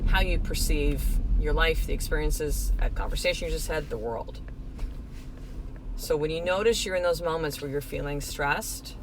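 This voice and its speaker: Woman coaching over loud street noise. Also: deep voice, normal speed. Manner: earnest, guides the listener through breathing and affirmations. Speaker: podcast host and life coach. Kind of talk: casual motivational talk.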